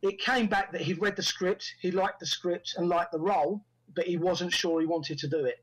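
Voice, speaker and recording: Guesting on an interview, a middle-aged actor and first-time film director shares stories casually, acting out the quoted dialogue. He speaks at a moderate pace in a high, steady voice that's a little bright with a breathy edge, and the recording quality is low.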